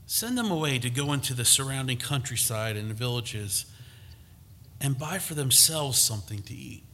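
A man's voice: medium pitch, expressive, moderate pace, bright, forceful tone. A man preaching a conversational sermon, reading scripture and rising to emphatic peaks.

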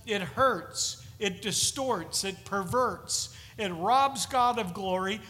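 A man preaching a sermon in a chapel, conversational and animated, with jokey asides. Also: sits high, slow, slight background noise. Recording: long reverb of a large chapel.

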